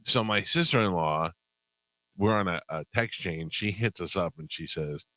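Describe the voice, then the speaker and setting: A man's voice: sits low, moderate pace, a bit bright, no echo, poor audio. A male radio host in casual chat, telling a long story with amusement and frequent laughter.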